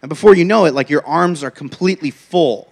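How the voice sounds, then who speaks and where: A man's voice: a little high, a little fast, gravelly, a little mellow, husky. A man preaching a sermon in a chatty, joking storytelling way.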